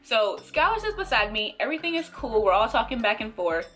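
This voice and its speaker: A young woman vlogger telling a storytime to camera in a casual, animated way, acting out the voices of the people in it. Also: on the high side, a little fast, soft background music. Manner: animated, acts out quoted voices, laughs between lines. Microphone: camera mic.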